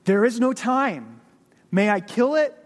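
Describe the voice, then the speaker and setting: A man voicing a stern, unhurried male angel who speaks low and insistently. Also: sing-song, exaggerated voice. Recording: long reverb of a large hall.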